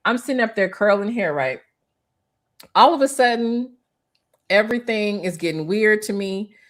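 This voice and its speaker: A woman's voice: mid-range voice, moderate pace. A middle-aged woman, a former hairstylist, telling a story in a casual interview, restarting often and acting out the people she quotes. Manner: animated, restarts often, acts out quoted voices.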